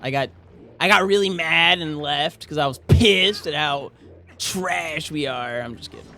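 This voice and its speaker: A man with a high voice chatting casually with his viewers while he plays a game. He jokes constantly, slipping into low mumbles and then breaking into high-pitched yelps and laughter. Faint music plays underneath. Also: a little slow. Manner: joking, swings from mumbling to high shouts, frequent laughter. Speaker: streamer. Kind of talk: casual livestream chat while gaming.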